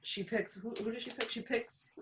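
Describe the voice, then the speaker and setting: A woman's voice: fairly high pitch, steady tone, moderate pace, background noise. A woman in casual video call chat with her book club, rambling and searching for words.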